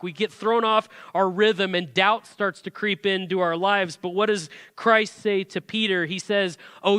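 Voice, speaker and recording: A man's voice: sits high, bright, forceful tone, smooth, no room sound, clean studio sound, long reverb tail. A man, a pastor preaching a sermon in a church sanctuary, talking conversationally with many rhetorical questions.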